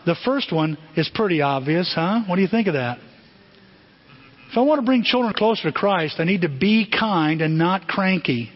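A male pastor preaches a chatty, conversational sermon, firing rhetorical questions at his listeners. His husky voice sits a little higher than most men's, with lively intonation and a moderate pace, but the recording sounds dull and lo-fi.

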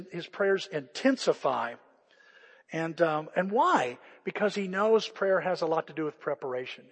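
High-voiced husky pastor in a hall. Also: male voice. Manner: conversational, self-deprecating, animated. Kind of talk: sermon.

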